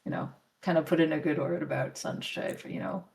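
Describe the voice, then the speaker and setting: Tentative woman player, slightly low voice. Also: fairly even intonation, fairly quick, vocal fry, a little mellow. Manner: tentative, thinking aloud with fillers. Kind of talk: casual tabletop game play.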